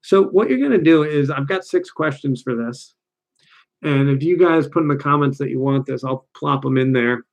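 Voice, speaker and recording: A man giving a casual, energetic coaching talk straight to camera, often acting out quick quoted voices. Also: mid-range voice, creaky, highs cut off. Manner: energetic, conversational, acts out little quoted voices. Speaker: dating coach.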